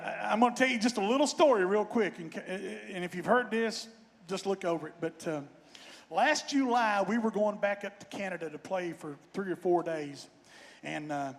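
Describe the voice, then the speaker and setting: A man speaks as a bandleader on a festival stage, folksy and joking. His voice sits fairly high. The stage microphone carries it into a long, ringing reverb. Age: 50s. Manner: folksy, joking, warm-hearted. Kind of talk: stage banter and storytelling.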